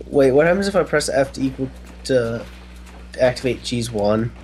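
Laid-back mid-pitched gamer guy. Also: lively intonation, normal speed, darkish tone, a little hiss or hum. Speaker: co-player guest. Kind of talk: casual gameplay chat.

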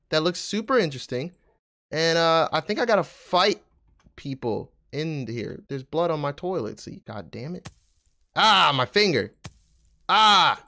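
A young man giving excitable, trash-talking commentary while playing a video game. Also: on the high side. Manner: excitable, trash-talking, swings from mumbling to shouting. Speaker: gaming YouTuber. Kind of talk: gameplay commentary.

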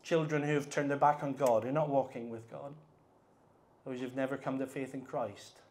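A middle-aged man preaching a sermon at a conference, earnest, moving between hushed and emphatic delivery. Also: mid-range voice, fairly even intonation, moderate pace. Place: conference hall.

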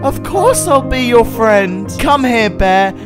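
A man giving jokey, casual gameplay commentary, yelling and joking at game animals. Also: very high-pitched, very animated, takes it slowly, over loud music. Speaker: gaming YouTuber.

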